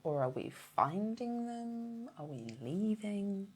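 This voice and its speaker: A woman's voice: medium pitch, lively intonation, slow, slightly rough. A woman player in a tabletop game, talking in character and out. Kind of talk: tabletop role-play chat.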